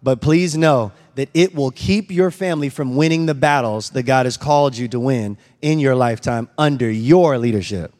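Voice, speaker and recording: A young adult man preaching a sermon, telling stories and acting out scenes with lively energy. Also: mid-range voice, normal speed, hardly any pauses. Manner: storytelling, animated, acts out scenes. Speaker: pastor. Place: church sanctuary. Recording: long hall reverb.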